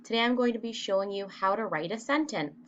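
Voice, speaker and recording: A woman teacher walking young children through a writing lesson in a slow, deliberate, encouraging way. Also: mid-range voice. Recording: dull, lo-fi home recording.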